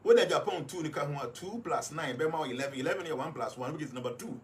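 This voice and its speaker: A man's voice: a little high, expressive, quick pace, a little hiss or hum. A man with a Ghanaian accent giving explanatory commentary, stressing each point by repeating it emphatically. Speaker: guest analyst.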